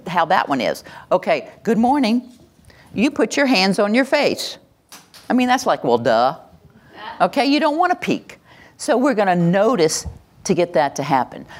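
An older woman presenting a live workshop, lively and demonstrative, acting out examples and leading the audience through exercises. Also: mid-range voice. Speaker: workshop presenter on calming children. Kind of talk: live teaching talk to an audience.

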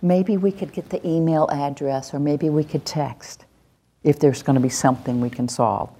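A woman leading a workshop on handling children's emotions, explaining steps and demonstrating soft, soothing phrases. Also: low voice, moderate pace, breathy edge. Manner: calm, coaching, slips into soft soothing phrases when demonstrating. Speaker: parenting and classroom trainer. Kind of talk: workshop teaching with acted demonstrations.

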